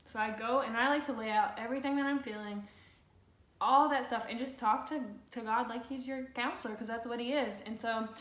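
A woman's voice: fairly high pitch, fairly bright tone. A woman co-hosting a casual talk on the Bible, chatty and full of fillers and restarts. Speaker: co-host. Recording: echoey room.

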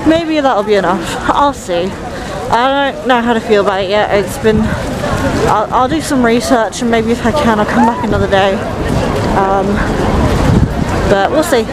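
A woman's voice: a little high, moderate pace, long pauses, over a noisy crowd, low-quality recording. A young woman talking to the camera in a casual travel vlog, chatty and upbeat, rambling with lots of fillers. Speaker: travel vlogger. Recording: faint background noise.

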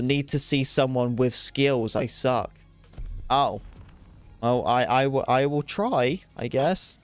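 A man talking loosely over his gameplay, rambling and poking fun at himself. His voice is mid-pitched and very dry and close. Faint game music plays behind him. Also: slow pace, no echo. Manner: chatty, rambling, self-deprecating, excitable. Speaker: gaming streamer. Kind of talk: casual gameplay commentary.

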